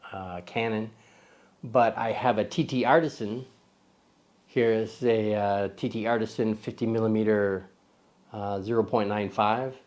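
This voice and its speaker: A man with a fairly low voice hosts a photography vlog. He talks to camera in a loose, chatty way. He wanders off topic, pokes fun at himself and fills gaps with ums and uhs. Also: a little mellow. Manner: chatty and self-deprecating, with many fillers and restarts. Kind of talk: casual rambling talk to camera.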